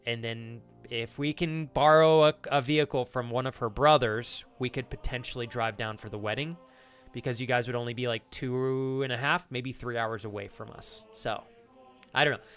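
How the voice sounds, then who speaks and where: A man streaming live, chatting casually with his viewers and reacting to their messages, animated and hyped, with casual swearing. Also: mid-range voice. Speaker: streamer reading chat.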